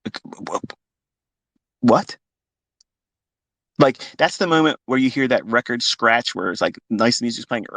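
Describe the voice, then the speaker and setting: A man's voice: mid-range voice, lively intonation, normal speed, pauses often, a bit bright, dry recording. A fifty-year-old man, a trading mentor, speaking off the cuff in a live audio talk, emotional and blunt and swearing freely. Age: 50s.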